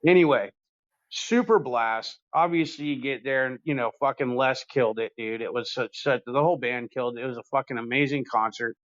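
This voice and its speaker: A man's voice: mid-range voice, brisk, a bit bright, dull audio. A man hosting a podcast, telling a long story in a rambling, laid-back and foul-mouthed way. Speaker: podcast host. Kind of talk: casual storytelling chat.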